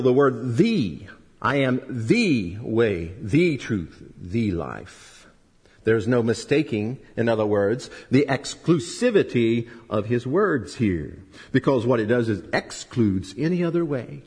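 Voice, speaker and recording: A man preaching a sermon, emphatic, rising loud and high then dropping low and soft, asking rhetorical questions. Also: breathy edge. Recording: long reverb of a hall.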